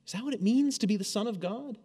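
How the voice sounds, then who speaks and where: Preacher guy chatting through a sermon, kinda high voice, big echoey hall. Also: fast talker, breathy edge. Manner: conversational, animated storytelling with acted quotes. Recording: long hall reverb.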